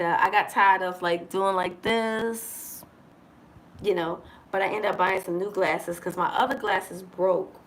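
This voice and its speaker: A woman from the United States chatting casually on a livestream from abroad, expressive and joking, calling her viewers y'all. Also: lowish voice, poor audio. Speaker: vlogger living abroad. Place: indoors in Dar es Salaam.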